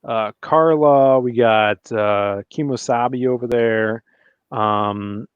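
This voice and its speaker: A relaxed man hosts a casual livestream and talks easily with his guests between plugs for his viewers. His voice comes through a dull, lo-fi mic. The sound is dry, with no room around it. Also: mid-range voice, takes it slowly, smooth, no echo. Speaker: livestream host.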